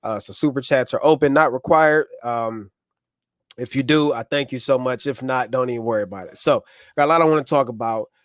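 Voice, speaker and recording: A man's voice: mid-range voice, brisk, no echo, clean studio sound. A man hosting a casual live stream, chatting loosely with viewers and reading out their comments, on a clip-on wireless mic.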